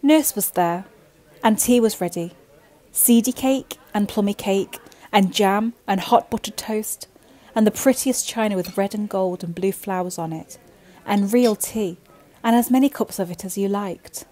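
A woman storyteller reading a bedtime story aloud in an expressive, gentle way. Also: mid-range voice, measured pace.

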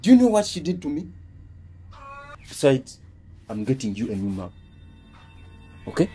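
A domineering, abusive husband who barks harsh commands. His pitch swings widely while his words stay slow and heavy. Faint music sits under the voice. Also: lively intonation. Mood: furious. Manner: harsh, commanding, shouting threats. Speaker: actor. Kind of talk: short film acting.

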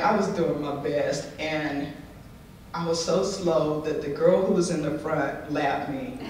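A woman's voice: deep voice, background noise. A middle-aged woman giving an inspirational conference talk, telling her own story with candid humor. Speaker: conference speaker. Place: large conference hall. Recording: echoey hall, distant mic.

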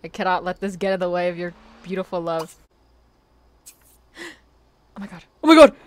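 A woman giving excitable, foul-mouthed commentary on a life-sim game, squealing and shouting at what happens. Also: on the low side, normal speed. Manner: excitable, swears a lot, squeals and shouts in bursts. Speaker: gamer.

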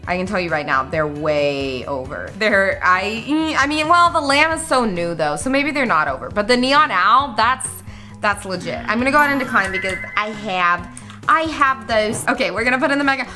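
A woman's voice: mid-range voice, lively intonation, normal speed, bright, forceful tone. A woman hosting a gaming channel, chatting straight to her viewers as she plays, bubbly and prone to squeals and gasps. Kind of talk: excited game-play commentary to viewers. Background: background music.

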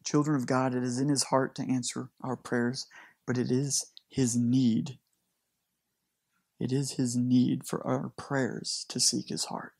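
A man with an American accent, a pastor giving an earnest, emotional sermon and closing by reading scripture slowly and deliberately. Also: mid-range voice, little pitch movement, gravelly, darkish tone, slightly rough, no room sound, studio quality.

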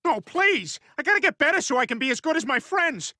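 A goofy, high, lively cartoon dad. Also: male voice, a little fast, slight background noise, full character voice. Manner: goofy, rambling jokes. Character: dim, boastful middle-aged family man.

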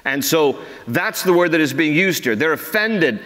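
A man's voice: fairly high pitch, animated, normal speed, fairly bright tone. A middle-aged American man preaching a sermon as pastor, often acting out quoted lines in a raised voice. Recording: long church hall reverb.

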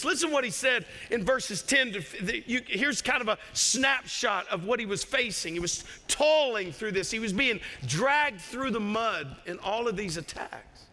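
A man's voice: extremely high pitch, animated, a little slow, pushed and bright. A male pastor with a Southern US accent preaching an impassioned sermon, with joking asides and bursts of raised voice. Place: church sanctuary. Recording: long church hall reverb.

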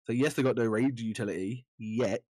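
A man's voice: mid-range voice, brisk, a little mellow, slightly rough, no room sound. A man co-hosting a casual gaming podcast, running through lists in an easy chatty way. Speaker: podcast co-host.

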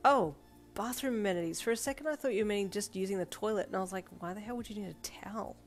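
A woman's voice: mid-range voice, fast, faint music behind, close to an everyday voice. A woman reading as a cheeky, sarcastic teenage girl. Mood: teasing. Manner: playful sarcastic teasing. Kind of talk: fan fiction audiobook reading.

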